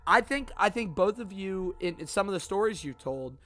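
A man co-hosts a casual podcast in a slightly higher voice than most men. He talks bluntly and jokes around, swearing freely. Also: expressive, moderate pace, a crowd in the background. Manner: blunt, profane, joking. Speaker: podcast co-host.

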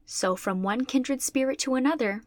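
A woman podcast host reading a classic children's book aloud in an even narrating manner. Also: high voice, moderate pace, no echo. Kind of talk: storybook read-aloud.

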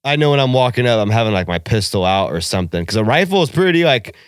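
A man's voice: medium pitch, big pitch swings, fast talker, smooth, no room sound, studio quality. A man co-hosting a podcast in casual chat, profane and joking, laughing often. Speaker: podcast co-host.

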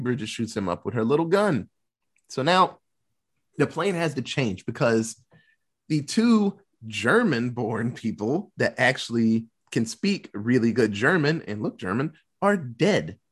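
Male podcast host, loose rambling recap delivery, average pitch, filler-heavy. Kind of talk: casual movie recap chat.

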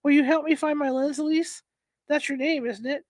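Sly, threatening adult male stranger in a read-aloud story, read by a woman, kept close to her own high voice. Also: fairly even intonation, moderate pace, dry recording, close to an everyday voice. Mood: coaxing. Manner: sly, coaxing turning threatening. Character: menacing adult male stranger, coaxing then cruel.

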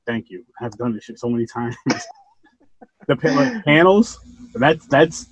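A man hosting a podcast, chatting casually and rambling with animated bursts and casual swearing. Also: mid-range voice, measured pace, lo-fi sound, a little hiss or hum. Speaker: podcast host.

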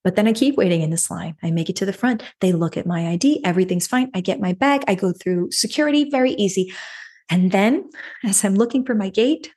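A woman with a mid-range, slightly mellow voice and a breathy edge speaks animatedly and a little fast. She hosts a podcast, earnestly sharing a personal story and self-help advice. She repeats phrases and keeps tossing in a questioning "right?"

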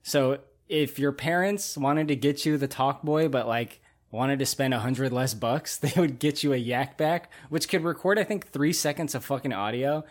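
A man's voice: mid-range voice, moderate pace, hardly any pauses. A man in his thirties, a podcast host, chatting loosely about old movies, swearing and laughing often. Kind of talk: casual chat.

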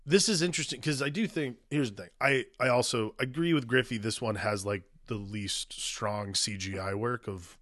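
A man's voice: medium pitch, normal speed, hardly any pauses, a bit bright. A man co-hosting a casual film podcast. He agrees often and gives short backing replies. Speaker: podcast co-host.

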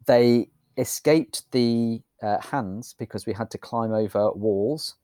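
A British man chats casually and tells a meandering story with understatement. His voice sits at an ordinary middle pitch. The sound is dry and close to the mic. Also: takes it slowly, warm tone, clear, resonant tone, no room sound. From United Kingdom. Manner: rambling anecdotal storytelling, understated. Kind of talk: casual chat.

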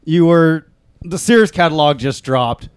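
A man's voice: fairly high pitch, lively intonation, unhurried, clean tone, no echo. A young man co-hosting a podcast, profane and mocking in rambling casual banter. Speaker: podcast co-host.

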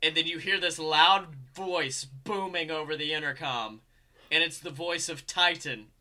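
A young man in casual chat, telling a long story in an animated, rambling way with lots of fillers. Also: on the high side, unhurried.

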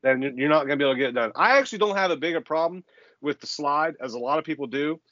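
A man's voice: fairly high pitch, lively intonation, bright, forceful tone, no echo, lo-fi sound. Laid-back man breaking down a football game. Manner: measured, reasoning through points, casual profanity. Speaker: podcast co-host. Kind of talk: sports analysis chat.

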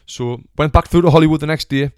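A man's voice: on the high side, fast talker, clean tone, no echo, clean studio sound. A young man from England with a Sunderland accent, telling a casual story full of swearing and acting out the people in it. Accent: Sunderland English. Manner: chatty, swears freely, acts out the people in his story. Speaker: retired boxer telling a story.

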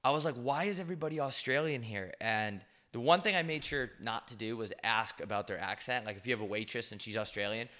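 Young man, podcast co-host, bright forceful voice, crude joking banter. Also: fairly low pitch, quick pace, hardly any pauses. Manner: crude, joking, animated storytelling. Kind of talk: casual chat.

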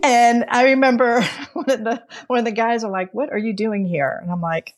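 A woman co-hosting a podcast, telling a story in casual conversation. She acts out quoted dialogue with lively changes of voice and laughs often between her words. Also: on the high side, moderate pace. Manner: laughs often mid-sentence. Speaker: podcast co-host.

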